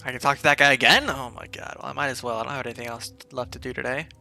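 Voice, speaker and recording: A man's voice: mid-range voice, steady tone, racing, creaky, pushed and bright, faint music behind. A man commentating his own gameplay in a wry, sarcastic way, swearing often. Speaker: game streamer. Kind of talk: let's play commentary.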